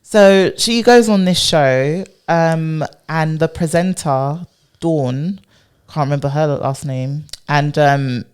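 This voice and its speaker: Woman podcast co-host with a low pitch, chatty and emphatic. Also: clear, resonant tone. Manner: animated, emphatic, quick to agree. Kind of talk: casual chat.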